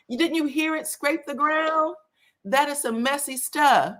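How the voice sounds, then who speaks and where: A woman hosts a casual live gossip stream, talking straight to her viewers. Her voice is bright and forceful. She chats and exclaims as she reads their comments aloud. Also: sits high, measured pace. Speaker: celebrity gossip host.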